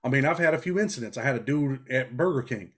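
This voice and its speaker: Casting: middle-aged New man, rapid street-talk interview guest, mid-range voice. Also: mid-range voice, lively intonation, breathy edge. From New York. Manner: blunt street talk, frequent "man" and "bro". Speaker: interview guest, former prisoner. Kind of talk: casual interview storytelling.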